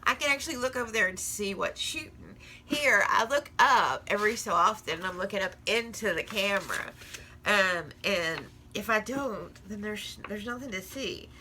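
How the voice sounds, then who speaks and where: Woman crafting at home and just chatting away, bright voice, laughs a lot, little bit of noise in the back. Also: medium pitch, moderate pace. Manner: chatty, rambling, laughs often, talks while working. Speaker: crafting vlogger. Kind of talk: casual crafting chat.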